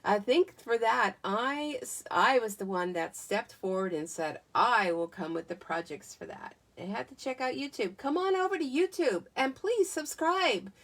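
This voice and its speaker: Southern american lady doing a craft livestream, bouncy and lively, kinda high voice, calls out viewers by name. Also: normal speed, hardly any pauses. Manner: chatty, greets viewers by name. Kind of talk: casual live-stream chat. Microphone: tablet.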